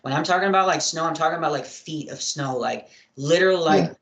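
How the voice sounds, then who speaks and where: A young man, a podcast guest, telling a personal story in a rambling way, with many fillers and frequent throat clearing. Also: fairly high pitch, expressive, quick pace, a bit bright. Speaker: interview guest. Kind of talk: casual storytelling in an interview. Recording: echoey room.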